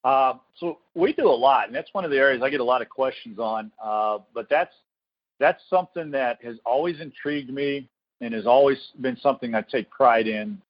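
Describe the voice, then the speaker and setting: A man's voice: mid-range voice, normal speed. A man who coaches college baseball, telling stories and explaining his program in an earnest, reflective podcast interview, often restarting his phrases. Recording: dull lo-fi recording.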